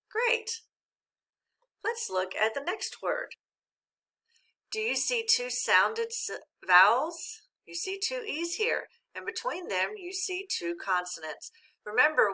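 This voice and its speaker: A woman teacher giving a slow, patient phonics lesson, speaking clearly and sounding out each syllable. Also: medium pitch, bright, forceful tone. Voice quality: clear, deliberate enunciation of syllables.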